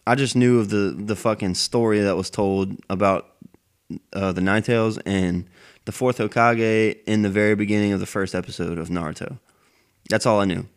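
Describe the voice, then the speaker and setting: A man's voice: lowish voice, steady tone, normal speed. A man rambling in a casual monologue, cursing heavily as he goes. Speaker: anime fan vlogger.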